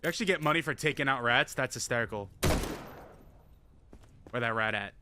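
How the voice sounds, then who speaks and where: A man streaming a video game, commenting casually, yelling and joking at the characters. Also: medium pitch, fairly quick, slight background noise. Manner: loud, excitable, yells and jokes at game characters. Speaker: gaming streamer. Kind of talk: casual let's-play commentary.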